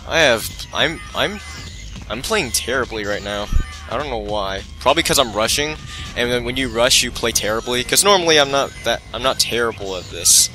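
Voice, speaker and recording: A man's voice: mid-range voice, normal speed, music in the background, poor audio. A man giving live gameplay commentary, talking to himself and poking fun at his own mistakes. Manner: talks to himself, self-mocking and excitable. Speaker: let's play commentator.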